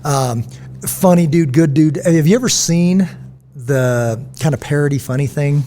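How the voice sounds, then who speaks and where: Animated storytelling man, faint hum. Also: fairly high pitch, measured pace. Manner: storytelling, animated, acts out quotes. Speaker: podcast host. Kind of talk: casual conversation.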